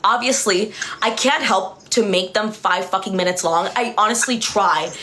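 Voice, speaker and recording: A woman's voice: mid-range voice, normal speed, sharp tone. A woman hosting a livestream in a loose, rambling way. She tells stories, gets distracted and laughs often while she talks. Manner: rambling, chatty, easily distracted. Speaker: livestream host. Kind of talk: casual livestream chat and storytelling.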